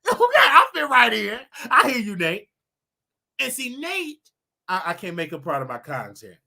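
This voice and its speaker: Man, livestream host, casual talk, bright voice, very lively pitch, preachy. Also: normal speed, creaky. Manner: animated, preachy, laughing asides.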